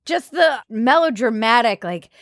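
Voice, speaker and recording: A woman's voice: a little high, animated, unhurried, a bit bright, no echo, studio quality. A woman co-hosting a comedy podcast, talking in a sarcastic, exasperated way with plenty of swearing. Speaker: podcast co-host. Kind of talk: casual comedic chat.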